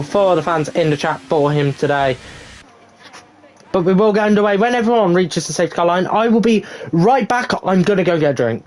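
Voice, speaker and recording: A British man giving chatty live sim racing commentary from home, swearing casually and bursting into excited play-by-play. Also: high-pitched, rough recording. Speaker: race commentator. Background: faint household noise.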